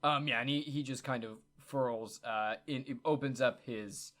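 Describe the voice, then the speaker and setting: A man's voice: medium pitch, measured pace, a bit bright. A man casually playing a tabletop game, a bit hesitant with fillers. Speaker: player.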